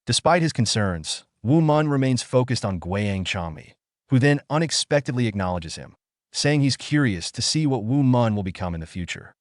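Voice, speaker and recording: A man's voice: mid-range voice, animated, moderate pace, no echo. Man narrating a comic recap, dry sound.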